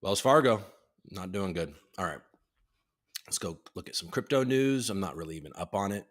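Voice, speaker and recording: A man's voice: deep voice, animated, normal speed. Man reading headlines with joking asides. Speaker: host. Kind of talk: casual livestream news commentary.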